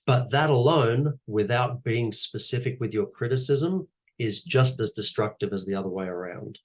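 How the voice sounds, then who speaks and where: A man, an actor and teacher, giving coaching advice in an animated, conversational way and repeating his key phrases. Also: mid-range voice, moderate pace. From Australia. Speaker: guest speaker, actor and teacher.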